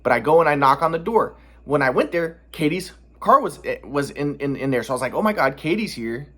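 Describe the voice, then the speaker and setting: A man's voice: fairly high pitch, expressive, fairly quick, sharp tone. Agitated man rambling through a story. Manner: rambling, many restarts and repetitions; agitated, defensive. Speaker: vlogger. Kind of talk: casual personal storytelling.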